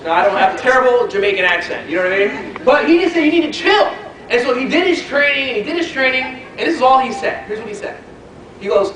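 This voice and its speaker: A man giving a motivational network marketing training, telling animated stories and quizzing the audience. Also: very high voice, fast talker. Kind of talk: motivational speech to a live audience. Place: training event hall. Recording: echoey hall, distant mic.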